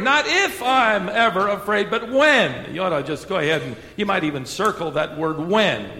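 A middle-aged male pastor preaching a sermon, expressive, drawing out key words slowly, with touches of humor. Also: sits high, vocal fry. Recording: echoey hall with long reverb.

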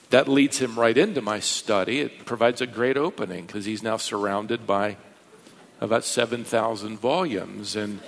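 A man preaching a verse-by-verse sermon as a pastor, emphatic, pushing his pitch and volume up to stress points. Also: vocal fry, fairly bright tone, a little hiss or hum. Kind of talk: expository sermon. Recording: long reverb of a large hall.

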